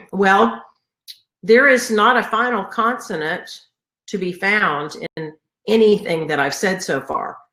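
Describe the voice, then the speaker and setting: At a medium pitch and an unhurried pace, a middle-aged woman with a fairly bright tone talks earnestly to a conference about teaching choir. She's a choral music educator stuffed up from a sinus infection, often restarting and leaning on fillers. The room sounds echoey.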